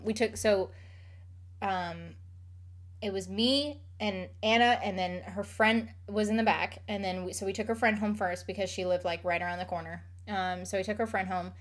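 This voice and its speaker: Young woman streamer, mid-pitched, loose rambly delivery full of "like". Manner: rambling, filler-heavy, frequent "like". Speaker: streamer answering chat questions. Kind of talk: casual chat.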